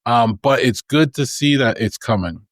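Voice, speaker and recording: A man's voice: mid-range voice, moderate pace, dry recording, clean studio sound. A man co-hosting a casual tech podcast, enthusiastic and explaining things step by step. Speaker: podcast co-host.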